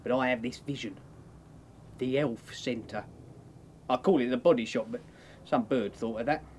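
A man's voice: medium pitch, normal speed, a little mellow, a little hiss or hum, lightly acted. An actor playing a scheming small-time health entrepreneur, full of grand dreams and salesman's patter. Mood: grandiose.

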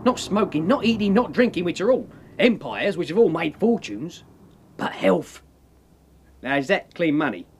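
A man's voice: high voice, sing-song, normal speed, darkish tone, slight background noise. An actor playing a scheming small-time health entrepreneur, full of grand dreams and salesman's patter. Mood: grandiose.

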